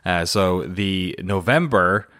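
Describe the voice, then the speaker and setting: A man's voice: sits low, takes it slowly, fairly bright tone, no room sound, studio quality. An Irish man co-hosting a podcast in casual, rambling chat with many fillers and self-deprecating asides. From Ireland. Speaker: podcast co-host.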